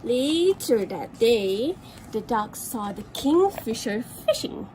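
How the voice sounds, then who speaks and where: A woman's voice: on the high side, very animated, slow, a little mellow, slight background noise, low-quality recording. A woman from Malaysia, a teacher, reading a picture book aloud to children with chatty asides about the pictures. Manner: chatty asides to young listeners, pointing at pictures.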